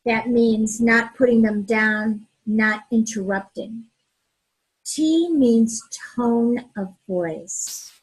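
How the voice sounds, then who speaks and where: A woman co-hosting a relationship advice talk, speaking in a calm, gentle way. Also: on the high side, drawn-out words, slightly rough, low-quality recording. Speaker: relationship coach, co-host.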